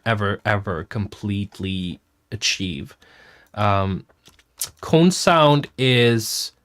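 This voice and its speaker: Rambling man reading chat comments. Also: fairly low pitch. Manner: rambling, self-interrupting, swears casually. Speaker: music producer hosting a chat stream.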